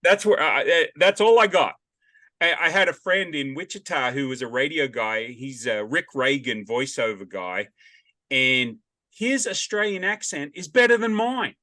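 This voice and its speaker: A man hosting a podcast over a video call, chatting casually and telling animated stories. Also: on the high side, normal speed. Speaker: podcast host. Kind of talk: casual interview chat.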